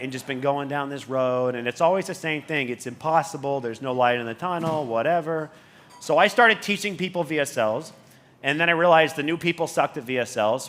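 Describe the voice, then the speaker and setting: A man giving a motivational talk on a conference stage. He swears constantly and keeps surging in volume when he gets excited. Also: medium pitch. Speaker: conference speaker.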